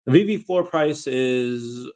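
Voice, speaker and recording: A man's voice: mid-range voice, animated, slow, darkish tone. A man hosting a casual livestream, answering chat questions in a rambling, self-correcting way.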